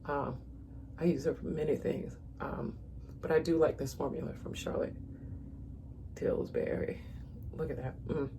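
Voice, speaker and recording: A woman's voice: low-pitched, fairly even intonation, unhurried, pauses often, dark tone, slight background noise. A woman in her thirties chatting casually to viewers while she walks through a makeup tutorial at home. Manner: chatty, talks straight to viewers as "y'all". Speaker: makeup vlogger.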